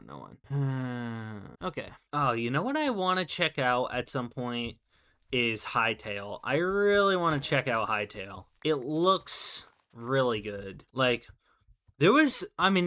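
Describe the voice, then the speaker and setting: A man hosting his own gaming channel, chatting casually over play. His voice is bright and clear-edged, and he wanders off on asides, padding them with ums and jokes at his own expense. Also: medium pitch. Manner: rambling, filler-heavy, self-deprecating. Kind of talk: casual gameplay commentary.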